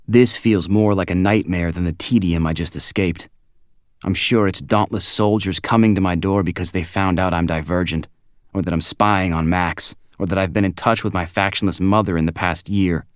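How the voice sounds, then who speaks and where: Male audiobook narrator, very low voice, quiet measured first-person read, dry close booth sound. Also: clean tone, no room sound.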